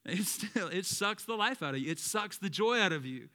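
Young guy pastor preaching, high voice, gets loud then drops way down quiet, has the crowd repeat words back. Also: expressive, normal speed. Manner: dynamic preaching, swings between loud emphatic lines and low quiet ones; calls out to the congregation, asks them to repeat words. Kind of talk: sermon.

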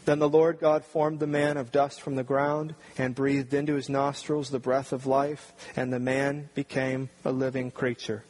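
A man's voice: mid-range voice, little pitch movement, moderate pace, few pauses, darkish tone. A man preaching a sermon, earnest and building to emphatic points. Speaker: pastor.

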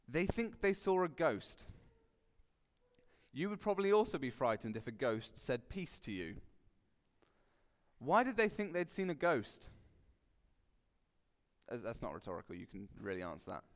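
A man giving a relaxed, conversational sermon, joking and acting out quotes with sudden loud bursts. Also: on the high side. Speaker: preacher. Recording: long hall reverb.

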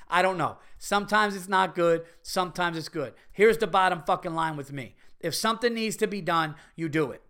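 A middle-aged man hosting a casual comedy podcast, ranting profanely and excitably as he reads listener emails. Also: high-pitched, brisk, few pauses, clean tone. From Italian-American heritage.

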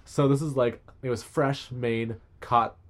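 A young man chatting casually as a podcast guest, an animated storyteller who acts out quotes. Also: medium pitch, a little slow. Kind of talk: casual chat.

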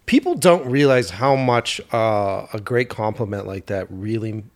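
Animated, swearing male podcast host. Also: on the low side, unhurried. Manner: animated storyteller, swears freely, mock-indignant. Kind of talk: casual podcast chat.

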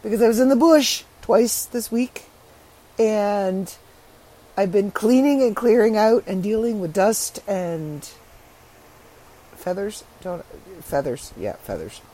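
A middle-aged woman podcaster in casual solo chat, chatty and frank, her voice rough and congested from allergies. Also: medium pitch, takes it slowly, dark tone, slight background noise, low-quality recording.

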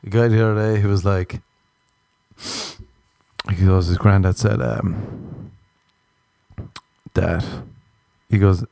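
A man's voice: lowish voice, slow, gravelly, long pauses, mellow, no echo. A young Irish man rambling through crude, jokey stories in a casual comedic monologue. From Ireland.

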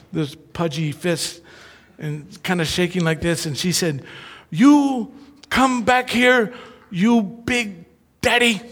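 Male pastor, slightly high voice, animated storyteller, big church reverb. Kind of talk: sermon with personal stories.

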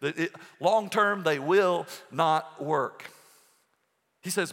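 A man with a high, bright voice preaches earnestly in a long echoing hall. He pauses often and restarts his sentences as he presses his point home. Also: expressive. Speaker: pastor. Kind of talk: sermon.

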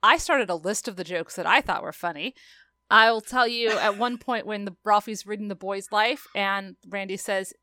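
Bright, crisp-voiced woman podcast co-host. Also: no echo. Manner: effusive, quick shifts in pitch, acts out quotes. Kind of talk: casual movie review chat.

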